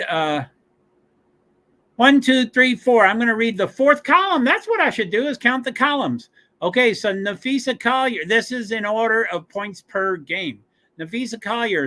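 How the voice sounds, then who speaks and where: A man hosting a casual sports watch-along stream, reading team rosters and stats aloud with many fillers, pauses and chatty asides. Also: high-pitched, sharp tone.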